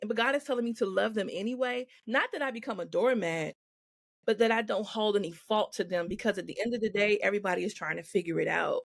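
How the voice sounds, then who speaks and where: A woman's voice: medium pitch, quick pace, gravelly, dry recording. Woman guest, casual faith chat, laughs often, dry close recording. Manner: laughs often, acts out quoted voices. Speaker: podcast guest.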